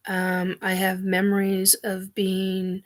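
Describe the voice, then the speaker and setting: A woman hosting her own show, talking in a halting, earnest way as she searches for words. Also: mid-range voice, completely flat delivery. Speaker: show host. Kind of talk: personal monologue.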